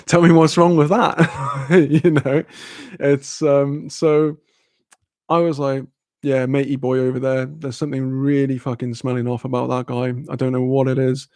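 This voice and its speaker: A man's voice: mid-range voice, darkish tone, no room sound, clean studio sound. A young man on a live stream, telling a story in loose, rambling casual chat, heavy with swearing and fillers.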